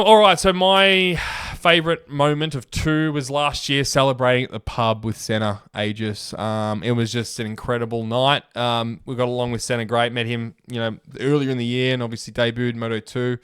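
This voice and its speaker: Un jeune Australien qui co-anime un podcast. Il raconte ses souvenirs avec entrain et jure sans gêne. Sa voix est nette et posée, enregistrée au plus près, dans un son sec et sans écho. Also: male voice, mid-range voice, clean tone, dry recording, clean studio sound. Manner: animated storyteller, quick, swears casually. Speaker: podcast co-host. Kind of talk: casual chat.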